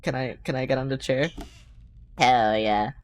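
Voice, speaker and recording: A woman's voice: a bass voice, moderate pace, no echo. A woman streamer playing a game, making casual, joking remarks with swearing and laughing asides. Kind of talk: casual let's-play commentary.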